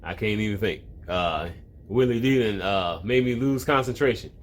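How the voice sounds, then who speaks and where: At home with a cat in the room, an online video host rambles through profane comedic commentary, swearing freely and often breaking off mid-thought. His voice is lowish and moves at a moderate pace.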